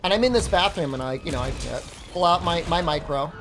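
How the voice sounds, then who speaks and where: A woman's voice: on the low side, fast talker, a little hiss or hum. A woman streamer casually telling a rambling story during a live stream, often breaking into laughs. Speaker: game streamer.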